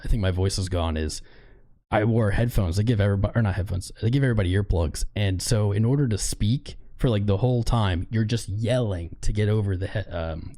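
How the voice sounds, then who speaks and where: A man with a hoarse, worn-out voice hosting a livestream, loosely and playfully calling out viewers by name. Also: on the low side, dark tone. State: hoarse, voice mostly gone. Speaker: crypto trading livestream host. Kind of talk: casual livestream chat.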